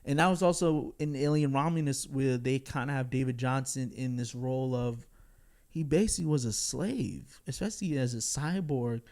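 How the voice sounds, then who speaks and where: A man's voice: medium pitch, normal speed, a little mellow. Blunt, candid man giving a movie review. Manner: candid and blunt, with frequent fillers and chuckles. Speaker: film reviewer. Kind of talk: casual spoken movie review.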